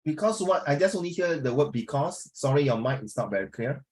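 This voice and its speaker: A middle-aged man teaches over a video call, chatty and teasing with his students. His voice sits on the higher side and swings widely in pitch. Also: lively intonation, fairly quick, darkish tone. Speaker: English tutor. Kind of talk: online class teaching.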